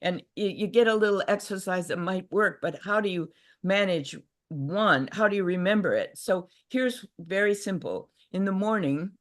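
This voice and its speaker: An older woman giving a gentle, reflective talk on a livestream video call, with frequent restarts. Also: medium pitch, animated, moderate pace. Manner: reflective, gentle, many restarts and acted inner voices. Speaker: workshop speaker. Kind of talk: casual teaching talk. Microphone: video call mic.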